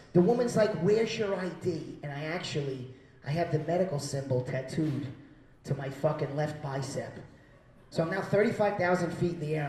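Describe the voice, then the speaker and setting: A man's voice: on the high side, distant mic. Profane stand-up comic man, roomy venue. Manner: profane, loud acted-out quotes. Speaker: stand-up comedian. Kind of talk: stand-up comedy set. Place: small comedy venue.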